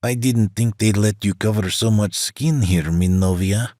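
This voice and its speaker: A man's voice: on the low side, measured pace, dark tone, no room sound, studio quality, natural voice. A man voicing a cocky, teasing rich guy.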